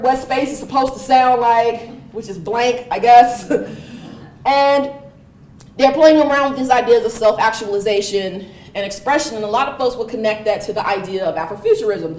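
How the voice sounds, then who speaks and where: A high-pitched woman lectures to a room, her voice carrying a roomy, echoing hall sound. She tells her story in an animated, storytelling way and laughs often as she goes. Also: distant mic. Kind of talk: university lecture.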